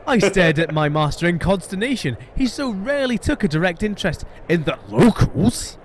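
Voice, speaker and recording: Streaming a game, this man reads its narration and dialogue aloud while joking with friends, like a live read-aloud with chat. He speaks in a high-pitched, sing-song voice at a moderate pace, barely pausing, over slight background noise.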